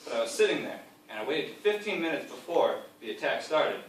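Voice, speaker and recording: A man telling a deadpan comic tall tale, rambling on with loud acted-out quotes and chuckling asides. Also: on the high side, fairly quick. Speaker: speaker giving a comic presentation. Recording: echoey room from far off, faint hiss.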